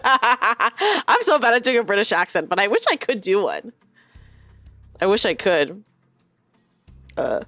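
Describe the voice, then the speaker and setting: A woman's voice: on the high side, very animated, a little slow, fairly bright tone, dry recording, soft background music. A young woman streaming a game, chatting casually, giggling and reading the game's lines aloud.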